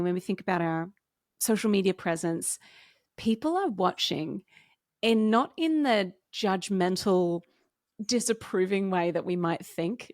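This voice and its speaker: A woman's voice: mid-range voice, no echo. Encouraging woman guest, dry close sound. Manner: earnest, encouraging, speeds up and slows down. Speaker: podcast guest, marketing coach. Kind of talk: casual conversational interview.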